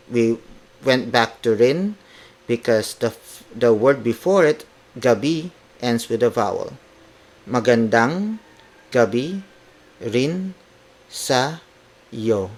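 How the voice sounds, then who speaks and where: A man with a medium-pitched voice teaches in an unhurried, measured way. He repeats each word again and again and spells it out letter by letter, like a patient tutor leading a drill. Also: darkish tone. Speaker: podcast host teaching Tagalog. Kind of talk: slow language lesson with repeated drills. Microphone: podcast mic.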